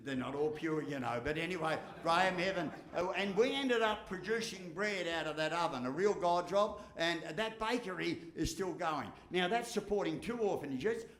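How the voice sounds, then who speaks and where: A man's voice: high voice, moderate pace, few pauses, a bit bright. A man with an Australian accent giving a humorous motivational speech, blunt and jokey with mild swearing. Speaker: motivational speaker. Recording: echoey hall.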